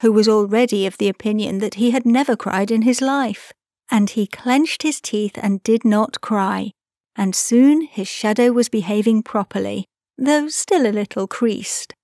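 Slow, measured woman narrating a storybook. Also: medium pitch, a little mellow, dry recording, studio quality. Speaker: audiobook narrator.

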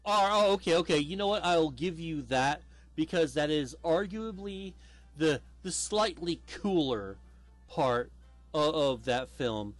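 A man's voice: a little high, animated, unhurried, no room sound, faint music behind. A man hosting a casual podcast chat, rambling with lots of fillers and the odd swear word. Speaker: podcast host.

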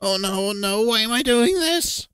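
A man's voice: mid-range voice, big pitch swings, extremely slow, a bit bright, dry recording, voice pushed up, exaggerated voice. A man voicing an anxious young clawed furry man who stammers and panics, scared of a roller coaster. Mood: nervous.

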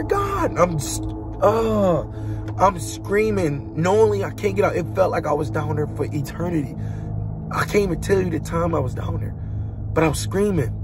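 A young man giving an emotional personal testimony in a colloquial, dramatic way, with spoken sound effects. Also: a little high. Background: instrumental music.

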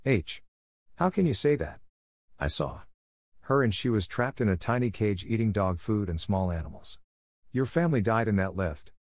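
Dude voicing a rattled young woman, stammery, low voice, dry. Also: animated, moderate pace, no echo. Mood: upset. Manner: upset, stammering. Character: shaken young woman defending herself.

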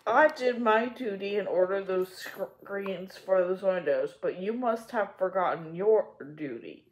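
A woman's voice: mid-range voice, unhurried, a little hiss or hum, natural voice. A woman voicing a stern, strict middle-aged aunt who speaks in a clipped way. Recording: echoey room.

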